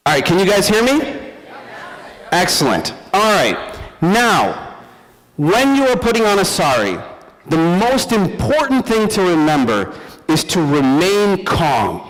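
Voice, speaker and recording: A young man doing a stand-up comedy set, telling animated stories and talking to the crowd. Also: sits high, unhurried. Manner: animated storytelling, addresses the crowd. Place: event hall stage. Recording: live hall with long reverb.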